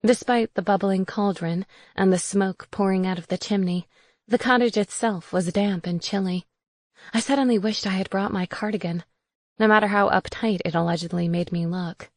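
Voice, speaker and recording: A woman reading a first-person cozy mystery aloud in an even, wry tone. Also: mid-range voice, normal speed, no room sound. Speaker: audiobook narrator. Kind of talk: first-person audiobook narration.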